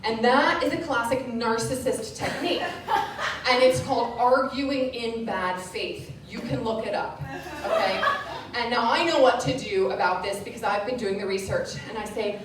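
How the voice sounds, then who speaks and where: A woman's voice: on the high side, moderate pace. A woman performing a stand-up comedy routine, telling a story in a mock-serious way and laughing at her own punchlines. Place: bar stage before a live audience. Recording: echoey room from far off, noisy.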